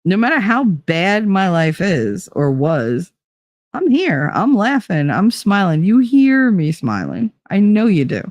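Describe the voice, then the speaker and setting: A woman with a New Jersey accent talks loosely to her live viewers, swearing freely and wandering from thought to thought. Her voice sits at an ordinary middle pitch and is recorded close and dry, with no room sound around it. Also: big pitch swings, takes it slowly, darkish tone, dry recording. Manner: blunt, profane, rambling and laughing. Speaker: livestream host. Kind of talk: casual chat with live viewers.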